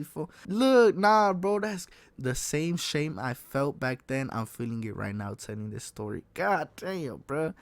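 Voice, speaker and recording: A young man vlogging a casual storytime, slangy and animated, with a refrain of "you know what I'm saying". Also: on the high side, no room sound. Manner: acts out his own past panic in raised voice.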